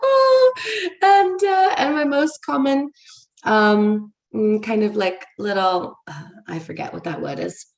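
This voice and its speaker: A woman's voice: medium pitch, expressive, unhurried, vocal fry, reverberant, low-quality recording. A woman with an English accent leading a ministry livestream, talking casually and frankly to viewers, swearing for emphasis and greeting them by name. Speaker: ministry leader. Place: room, livestream.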